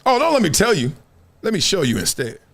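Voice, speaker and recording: A middle-aged man hosting a live stream, with a slightly high-set voice. He tells his story in animated, slangy casual talk and speaks right to his viewers. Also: a little fast, vocal fry. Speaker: show host.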